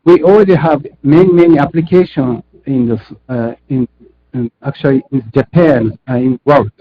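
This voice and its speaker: A man giving a technical conference presentation over a video call, speaking hesitantly and correcting himself as he goes. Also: medium pitch. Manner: hesitant, halting with self-corrections. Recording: muffled video-call audio.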